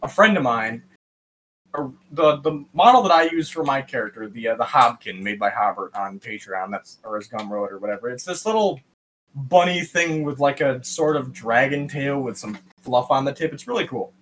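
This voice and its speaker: A man from West Michigan, a podcast guest telling a story in a lively, profane way and acting out the voices of people he quotes. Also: mid-range voice, normal speed. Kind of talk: casual storytelling.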